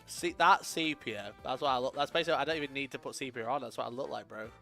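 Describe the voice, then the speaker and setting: A man's voice: mid-range voice, quick pace, gravelly, faint music behind. A young man from Sheffield, chatting casually to his live-stream audience, swearing freely and laughing often. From Sheffield, England. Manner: sweary, laughs often, swings loud and quiet.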